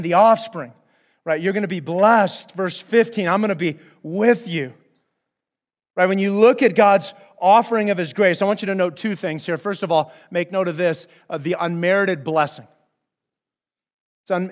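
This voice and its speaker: A man preaching a conversational sermon as pastor, acting out the speakers in the Bible stories. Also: high-pitched.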